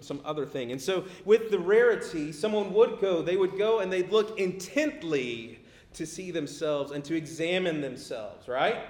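A middle-aged man preaching a sermon in a conversational way. He gets animated when he acts out people pleading. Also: high voice. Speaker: pastor. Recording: echoey room.

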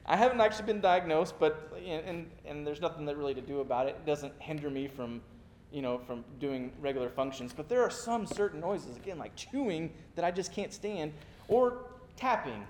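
High-voiced man preaching a sermon. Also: normal speed. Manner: animated storytelling with self-mocking asides. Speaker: pastor. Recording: echoey room with faint rumble.

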